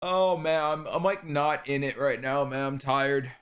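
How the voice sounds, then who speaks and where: A man's voice: medium pitch, little pitch movement, measured pace, a bit bright, smooth. A man live streaming a video game, chatting with his viewers in a casual, joking way and swearing freely. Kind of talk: live stream chat while gaming.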